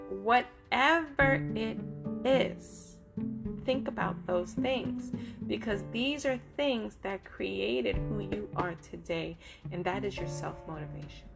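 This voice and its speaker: A woman's voice: medium pitch, takes it slowly, gravelly. A woman giving a casual motivational talk straight to her listeners, earnest and direct, often checking in with "okay?" and "right?". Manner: talks with lots of "okay?" and "right?" check-ins. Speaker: motivational speaker. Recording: guitar music playing behind the voice.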